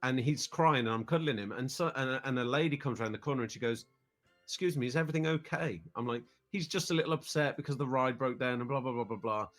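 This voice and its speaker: A man's voice: medium pitch, quick pace, hardly any pauses, fairly bright tone, soft background music. A British man in his thirties, a podcast guest telling a family trip story in a casual, rambling way, often repeating words as he starts sentences. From United Kingdom.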